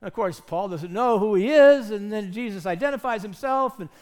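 A man's voice: high-pitched, a little fast, darkish tone. A man preaching a sermon as pastor, earnest and emphatic, asking his listeners rhetorical questions.

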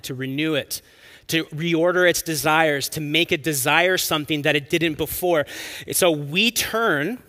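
Bright-voiced man preaching earnestly. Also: a little high. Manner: earnest, expressive preaching with stretched-out emphatic lines. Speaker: pastor. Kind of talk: sermon.

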